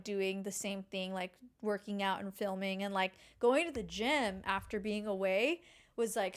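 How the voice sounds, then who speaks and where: A young woman co-hosting a podcast in a casual, animated chat, full of filler words. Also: medium pitch, clear, resonant tone. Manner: animated, chatty, heavy use of filler "like". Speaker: podcast co-host.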